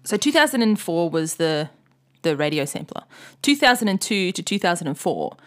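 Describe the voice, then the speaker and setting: A woman, co-hosting a casual podcast, tells a story loosely, swears freely and now and then shouts in imitation of angry fans. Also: on the low side, sing-song, moderate pace. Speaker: podcast co-host. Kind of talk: casual chat.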